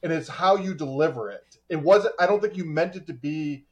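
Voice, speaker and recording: Relaxed man talking with hesitant pauses. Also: a little high. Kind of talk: casual chat.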